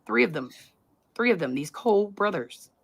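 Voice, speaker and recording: A woman's voice: mid-range voice, animated, moderate pace, gravelly, husky. A woman hosting a live stream, talking to her chat in a rambling, conspiratorial way and often interrupting herself. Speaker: livestream host.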